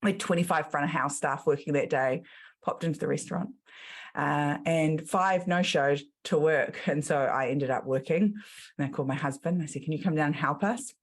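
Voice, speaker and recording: A woman's voice: low voice, moderate pace, breathy edge. New zealand lady, middle-aged, chatty podcast guest, acts out what people said. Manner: animated storyteller who acts out quotes. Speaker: business coach guest. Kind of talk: casual podcast storytelling.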